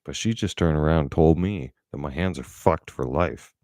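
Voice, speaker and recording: Very deep-voiced angry man. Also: moderate pace, a little mellow, no room sound, studio quality. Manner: blunt, profane, angry storytelling. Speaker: vlogger. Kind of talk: casual storytelling.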